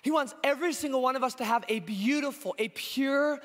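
A hoarse man in his twenties preaching a sermon in a church, conversational and earnest, with frequent fillers. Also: extremely high pitch, fairly quick, fairly bright tone, long reverb tail. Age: 20s.

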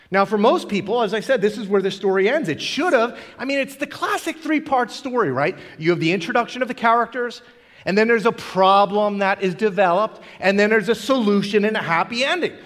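A man's voice: high-pitched, a bit bright. A male pastor preaching a sermon to a congregation, animatedly acting out the characters' lines as he tells the story. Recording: long hall reverb.

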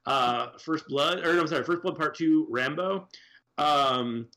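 Man co-host, slightly higher voice, loose rambling talk full of fillers and cursing. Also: measured pace, pushed and bright. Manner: rambling, profane, many fillers. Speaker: podcast co-host. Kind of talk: casual chat.

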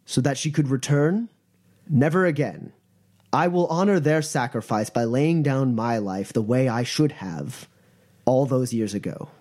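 A man voicing a solemn elderly grandmaster who speaks in slow, weighty, measured sentences. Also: mid-range voice, animated, a little mellow.

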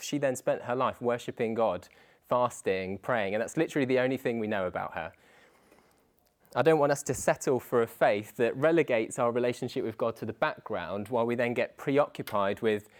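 A man giving an informal, earnest sermon to students, talking conversationally and quoting scripture and prayers. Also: mid-range voice. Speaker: speaker at a student Christian talk.

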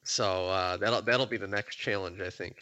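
A man's voice: low voice, steady tone, moderate pace, pushed and bright, no room sound. A man hosting a podcast in casual chat, easygoing, laughing often, with plenty of fillers. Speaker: podcast host.

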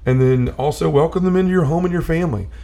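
A man's voice: fairly high pitch, quick pace, vocal fry, dark tone. A man talking earnestly in a casual conversation about faith, telling stories and often restarting his sentences. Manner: earnest storyteller, restarts and repeats himself.

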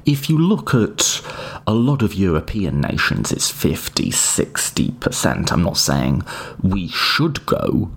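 Guy with a deep husky voice explaining political theory, loose casual lecture, pitch bouncing all over. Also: big pitch swings, slow pace. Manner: informal and hedging, often says "sort of"; occasionally swears. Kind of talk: casual spoken lecture with listener questions.

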